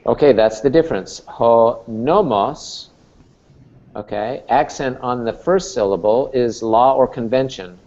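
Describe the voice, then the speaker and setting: A man's voice: medium pitch, normal speed, few pauses, warm tone, dull audio. A man teaching a Greek class as professor, explaining patiently and checking in with "okay?" and "right?". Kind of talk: classroom lecture.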